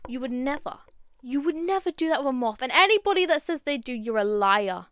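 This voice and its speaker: Chatty young woman, bright and clear. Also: high-pitched, fairly quick, dry recording, clean studio sound. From London. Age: young adult. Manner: chatty and animated, going off on tangents. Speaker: podcast host. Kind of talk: casual chat.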